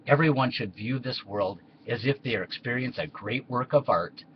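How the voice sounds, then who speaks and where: A man's voice: mid-range voice, moderate pace, highs cut off, slight background noise, natural voice. A man voicing Jesus as an earnest preacher in a comedy history skit. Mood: calm.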